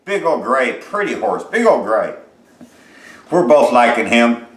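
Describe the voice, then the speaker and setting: A middle-aged man talks his way through a home recipe in a loose, rambling drawl, dropping curse words and plenty of uhs along the way. His voice sits at an ordinary pitch. The kitchen gives everything a roomy, echoey ring. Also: big pitch swings, unhurried. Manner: folksy, rambling, cussing storyteller with lots of uhs. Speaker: home cooking show host. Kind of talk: casual cooking vlog chat.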